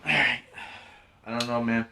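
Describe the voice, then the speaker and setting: A man's voice: medium pitch, fairly even intonation, moderate pace, vocal fry, sharp tone, slight background noise. A man co-hosting a podcast, chatting casually, swearing and reading out viewer comments. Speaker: podcast co-host. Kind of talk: casual chat. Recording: roomy echo.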